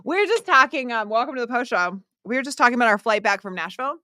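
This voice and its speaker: Bright, lively high-voiced woman. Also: quick pace, no room sound, clean studio sound. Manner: laughing, teasing banter. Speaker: radio co-host. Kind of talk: casual chat.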